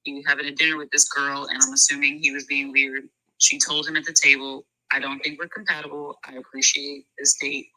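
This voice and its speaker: Blunt sarcastic woman, very bright voice. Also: rumbling low, level tone, a little fast, dry recording, poor audio. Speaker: show host. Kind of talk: heated casual debate.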